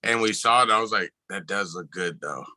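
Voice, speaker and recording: A man on a casual podcast with a very bright, forward tone. He tells his stories with gusto, acting out what everyone said and swearing freely. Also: on the low side, a little fast, poor audio. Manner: animated storyteller, acts out quotes, swears freely. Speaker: podcast co-host. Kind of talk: casual chat.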